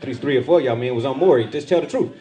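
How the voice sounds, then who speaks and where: A middle-aged man doing stand-up comedy on a club stage with a handheld mic, jumping into loud, high voices when he acts out other people. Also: rapid-fire, noisy background. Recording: live club with loud crowd laughter.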